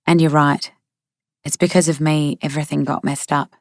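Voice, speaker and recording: A woman's voice: low-pitched, little pitch movement, moderate pace, no echo, studio quality. A woman voicing a distressed, angry young woman who speaks urgently. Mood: remorseful. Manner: urgent, emotional.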